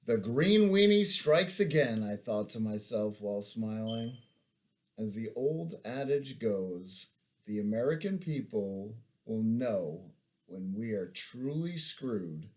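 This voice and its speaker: A man in his forties reads from his own memoir, taking his time over each line. His voice sits low, and the pace is slow and measured like a storyteller's. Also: animated, dark tone. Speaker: veteran author reading his memoir. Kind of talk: memoir reading.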